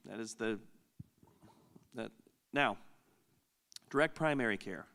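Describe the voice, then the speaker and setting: A man's voice: lowish voice, slow, creaky, bright, forceful tone. A middle-aged man hosting a conference Q&A, telling a long family story in a chatty, self-interrupting way and laughing often. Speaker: conference Q&A host. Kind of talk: casual storytelling Q&A.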